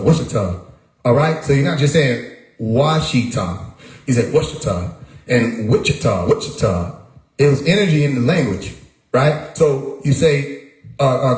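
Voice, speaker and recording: In an echoey room, a man hosting a livestream talks casually on his own in a slightly high, darkish voice. His style is forceful, with repeated words and rhetorical questions.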